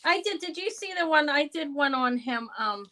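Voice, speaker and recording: A woman's voice: high voice, expressive, normal speed, bright, forceful tone, slight background noise. A woman in her fifties hosting a live jewelry sale, chatting casually and rambling between items while thanking and answering viewers. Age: 50s. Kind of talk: casual live-stream sales chat.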